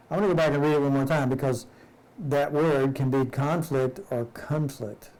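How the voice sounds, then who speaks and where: A man's voice: mid-range voice, steady tone, moderate pace, a little mellow, low-quality recording. A man leading a live-streamed study group who reads a spiritual text aloud, stumbles and rereads lines, then explains each passage in plain words.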